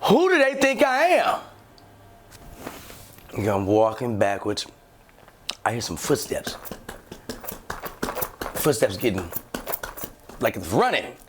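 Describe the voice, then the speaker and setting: Animated guy telling a story on a podcast, acts out yelling cops, voice jumps all over, a little noise behind. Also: medium pitch, slow pace, long pauses. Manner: acts out shouting cops and himself, swears a lot, lively. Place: podcast studio.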